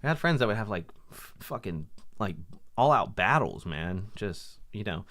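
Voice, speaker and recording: A man's voice: lowish voice, normal speed. A man co-hosting a podcast, telling crude stories in casual chat and acting out the quotes. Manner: crude, animated storytelling with acted-out quotes. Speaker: podcast co-host.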